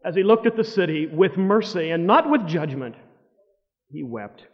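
A man preaching a sermon, telling stories dramatically, with loud outbursts that drop to hushed words. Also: sits high, lively intonation, moderate pace. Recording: dull long-reverb hall sound.

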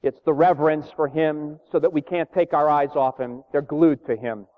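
A man's voice: on the high side, fairly even intonation. Earnest preacher man, tinny and echoey. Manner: earnest, reverent, measured with frequent "uh" pauses. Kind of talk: sermon. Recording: tinny phone-like sound in a reverberant hall.

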